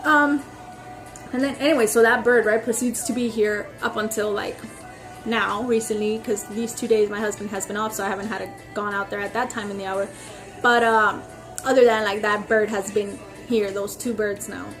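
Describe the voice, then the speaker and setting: With faint music behind her, a young woman of medium pitch and moderate pace rants to her camera for a vlog. It's loose, rambling talk dotted with "like" and "freaking," and she animates her stories by voicing the other people in them.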